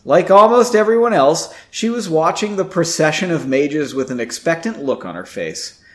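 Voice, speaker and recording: A man's voice: on the high side, animated, moderate pace. A man reading a story aloud, breaking off for wry comments on the writing. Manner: wry, self-interrupting commentary. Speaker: reader.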